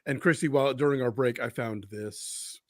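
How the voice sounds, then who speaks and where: A man's voice: medium pitch, normal speed, dry recording, clean studio sound. An older man co-hosting a live movie news stream, chatting casually with wry asides and frequent laughs.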